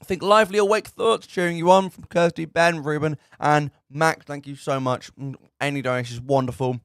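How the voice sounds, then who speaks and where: A man hosting a charity livestream, bubbly and excitable as he thanks donors and sets up forfeits. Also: fairly high pitch, brisk, clear, resonant tone, no echo, clean studio sound. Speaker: radio presenter doing charity forfeits. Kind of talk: casual charity livestream chat.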